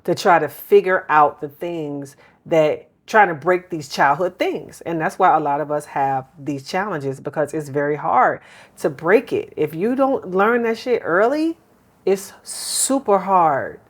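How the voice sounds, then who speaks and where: A woman's voice: low voice, measured pace. A middle-aged woman hosting a podcast, talking earnestly in casual chat and repeating words as she starts. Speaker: podcast host.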